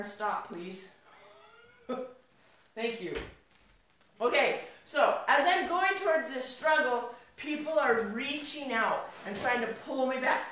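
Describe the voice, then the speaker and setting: A middle-aged woman gives a live motivational talk, her slightly high voice lively as she acts out the dialogue in her stories. She is heard from a distance, with heavy echo from the large room around her and the audience in it. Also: slight background noise. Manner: energetic storyteller, acts out quoted dialogue. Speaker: motivational speaker. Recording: echoey room from far off.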